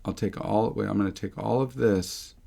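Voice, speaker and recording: A man's voice: fairly low pitch, fairly even intonation, normal speed, creaky, mellow. A middle-aged man teaching a music theory lesson, talking through examples, asking himself questions and correcting himself as he goes. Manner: thinking aloud, rhetorical questions, self-corrections.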